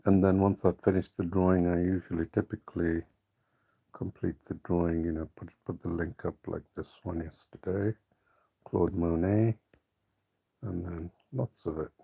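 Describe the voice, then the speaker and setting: A man hosting a live stream drawing tutorial, talking in a relaxed, rambling way and often correcting himself. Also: deep voice, moderate pace, creaky, husky. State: hiccuping.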